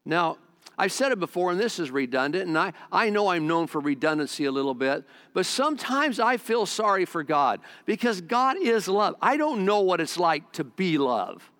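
A middle-aged male pastor delivers a heartfelt sermon in a slightly high voice. He talks in an earnest, conversational way, repeating points and shifting between quick and slow phrasing. His voice rings out with a long hall reverb. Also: big pitch swings, fairly bright tone. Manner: earnest, repetitive, conversational preaching with shifting pace.

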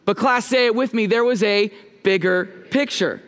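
A pastor in his thirties preaching a sermon from the front of a church. His voice is high for a man, and he keeps the tone loose and playful, joking with the congregation and asking them to answer back. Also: moderate pace, a bit bright. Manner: casual, joking, talks with the congregation. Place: church sanctuary.

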